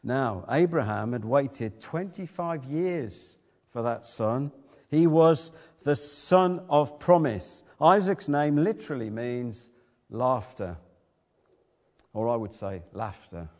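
A man's voice: medium pitch, expressive, takes it slowly, a little mellow. Male preacher in a reverberant hall. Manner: storytelling, asks the listeners questions. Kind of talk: sermon.

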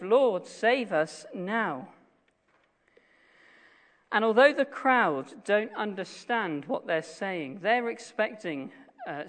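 Guy preaching, earnest, slows right down and goes quiet on the big lines, long echo off the hall. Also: high voice. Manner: earnest, slows and drops to a hush on key phrases. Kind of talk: sermon.

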